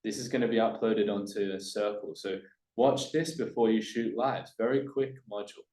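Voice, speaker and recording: A man's voice: fairly low pitch, steady tone, moderate pace, dark tone, roomy sound, rough recording. A man giving a coaching presentation to camera, pushing his points hard and swinging his voice up and down for emphasis. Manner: emphatic, demonstrates upward and downward inflection, drops voice on key points. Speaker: business coach.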